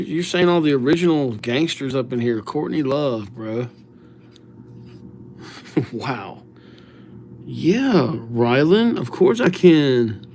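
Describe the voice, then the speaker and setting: A man's voice: a little high, a little mellow, a little hiss or hum. A middle-aged man hosting a livestream, chatting casually and greeting viewers by name with playful nicknames. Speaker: livestream host writing viewers' names.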